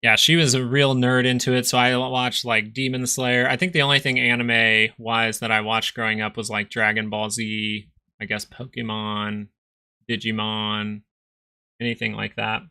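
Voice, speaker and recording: A man's voice: medium pitch, level tone, normal speed, pushed and bright, clean tone. A young man hosting a live stock market stream, giving casual, rambling chart commentary and joking with viewers. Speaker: stock market livestream host.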